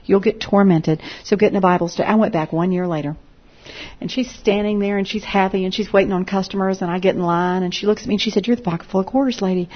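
A woman's voice: medium pitch, quick pace, highs cut off. A woman evangelist telling stories of her encounters, acting out the dialogue as she goes. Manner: lively storyteller, acts out quoted dialogue. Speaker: Christian evangelist speaking to a group. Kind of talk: storytelling testimony.

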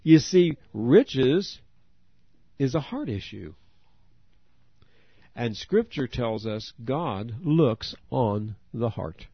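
Earnest preacher man, lively pitch. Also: drawn-out words, pauses often, breathy edge, no room sound. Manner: earnest, addresses listeners directly with questions. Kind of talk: sermon. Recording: dry, dull lo-fi audio.

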